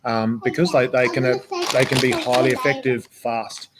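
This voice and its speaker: Flat-voiced jiu-jitsu coach. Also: male voice, medium pitch, moderate pace, very noisy. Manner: rambling, full of fillers and restarts. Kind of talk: casual chat on a live stream.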